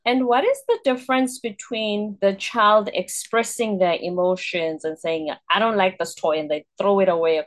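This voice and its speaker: A woman hosting a podcast interview, asking questions calmly. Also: medium pitch, moderate pace, hardly any pauses. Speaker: podcast host.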